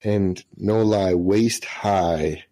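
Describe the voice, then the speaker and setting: A man's voice: low-pitched, drawn-out words, warm tone. A middle-aged man, a retired senior master sergeant, telling profane, laughing anecdotes in casual storytelling.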